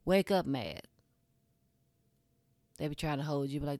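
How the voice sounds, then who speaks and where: A woman's voice: sits low, expressive, unhurried, pauses often, mellow, no echo, clean studio sound. A woman giving a casual, blunt monologue straight to her audience, candid and swearing freely.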